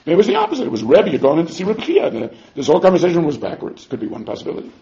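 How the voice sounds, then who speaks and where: A man teaching a Talmud class, animated, who acts out the quotes and chuckles now and then. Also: on the high side, rapid-fire. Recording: muffled lo-fi recording.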